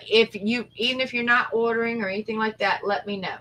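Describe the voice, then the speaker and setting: A woman's voice: fairly high pitch, brisk, bright, forceful tone, low-quality recording. A woman, hosting a live stream in a motherly, encouraging way. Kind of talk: casual live stream chat.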